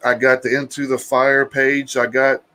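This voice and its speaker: A man's voice: mid-range voice, little pitch movement, moderate pace, bright, forceful tone. A man co-hosting a live music chat stream, talking casually and crudely, stumbling and repeating words. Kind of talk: casual banter.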